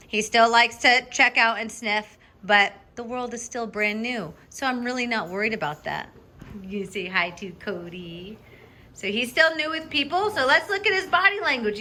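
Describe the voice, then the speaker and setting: A woman dog trainer talks a student through a training lesson, brisk and directive, checking in often. Her voice sits a little high and sounds clear and bright. She breaks into lively, high praise for the dog now and then. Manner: upbeat, directive, frequent check-in "okay?". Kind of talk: coaching a student during a live lesson.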